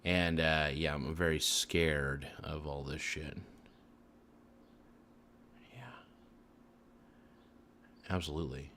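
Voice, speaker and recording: A man's voice: a bass voice, fairly even intonation, slow pace, pauses often, bright, forceful tone, a little hiss or hum. A man chatting casually and jokingly on a livestream while eating, breaking into sing-song chants of silly rhymes. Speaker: streamer.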